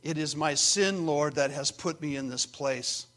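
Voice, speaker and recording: A man's voice: fairly high pitch, unhurried, a bit bright. A man voicing an anguished ancient psalmist crying out. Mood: pleading. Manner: pleading, intense, emphatic. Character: anguished ancient male psalmist pleading with God.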